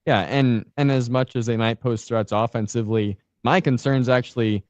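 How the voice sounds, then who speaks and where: A man co-hosting a sports talk show, laying out game scenarios in a measured, analytical way. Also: mid-range voice, steady tone, no room sound. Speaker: sports podcast co-host.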